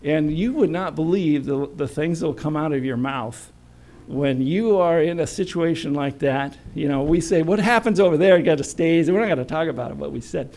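A man's voice: on the high side, moderate pace, a little mellow. A man preaching a sermon in a chatty, storytelling way with self-deprecating humor.

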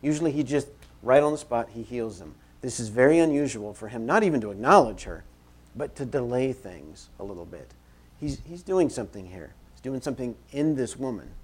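A man preaching a sermon in church, conversational and animated, repeating phrases for emphasis as he moves about. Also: mid-range voice, fairly quick, slightly rough. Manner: moves around while preaching. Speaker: pastor.

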